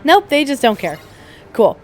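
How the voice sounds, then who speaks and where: A woman's voice: high voice, sing-song, normal speed, faint music behind. A woman co-hosting a gaming podcast, chatting casually during a playthrough and retelling stories with acted-out quotes. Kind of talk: casual chat over a game playthrough.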